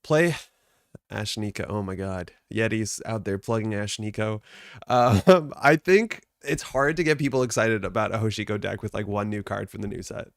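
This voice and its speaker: A man's voice: lowish voice, moderate pace, gravelly, no room sound, clean studio sound. A man hosting a live card game stream, chatting casually and greeting viewers by name, a little stuffed up from allergies.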